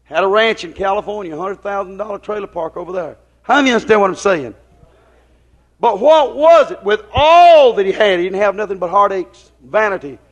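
A male preacher with a strikingly high-pitched voice delivers a rambling, folksy sermon. He keeps asking his listeners whether they understand him and slips into retold conversations. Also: fairly bright tone. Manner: folksy, rambling, drops into quoted dialogue; questions the congregation often.

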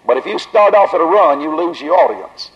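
A man with a Southern accent preaching at a tent revival, drawing his words out slowly and then rising to loud emphasis. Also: on the high side, very animated. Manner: slow, drawn-out delivery that builds to raised emphasis. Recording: dull lo-fi old recording.

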